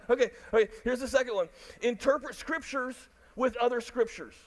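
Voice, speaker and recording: A man pastor preaching a sermon, animated and jokey, addressing the crowd and online viewers. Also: very high voice, moderate pace.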